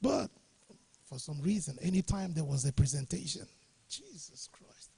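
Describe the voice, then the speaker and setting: Telling anecdotes to a workshop, a middle-aged Ghanaian guest speaker chuckles his way through, a jovial storyteller at normal speed. His highish voice is creaky, dark and slightly rough, with lively intonation. No room sound comes through, though he's in a studio or workshop room.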